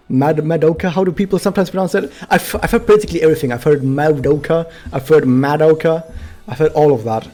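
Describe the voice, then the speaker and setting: A man's voice: a little high, dark tone. A man streaming a game, chatting casually to his viewers and explaining things with many fillers. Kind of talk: casual gameplay commentary to chat.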